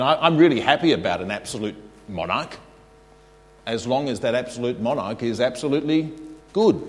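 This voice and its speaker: A man preaching a sermon, animated and leading the congregation in call-and-response. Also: mid-range voice. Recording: long reverb of a large hall.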